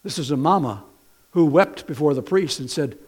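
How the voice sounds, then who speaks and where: A middle-aged man preaching a sermon in an animated way, swinging from quiet to loud, telling stories with folksy, playful asides. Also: a little high, normal speed, breathy edge. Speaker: pastor.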